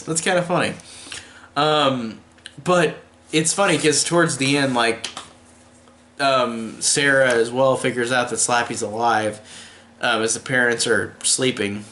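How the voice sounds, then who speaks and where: A young man talks through an episode review casually, rambling and restarting often. His voice is mid-pitched and sounds roomy, with a clear echo. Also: normal speed, pushed and bright, slight background noise. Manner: rambling, with many fillers and restarts. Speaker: video reviewer.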